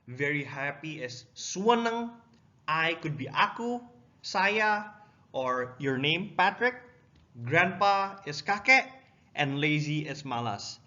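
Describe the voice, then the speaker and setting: A man's voice: on the high side, expressive, slow, bright, forceful tone. A young man from Indonesia, giving a casual language lesson and explaining words step by step. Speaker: language teacher. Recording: dull, lo-fi sound.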